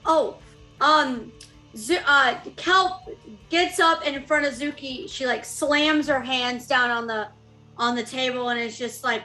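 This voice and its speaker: A woman's voice: sits high, takes it slowly, bright, forceful tone, faint music behind. A woman playing in a tabletop role-play game, narrating her moves with lots of fillers. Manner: chatty, hesitant narration with many fillers. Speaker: player.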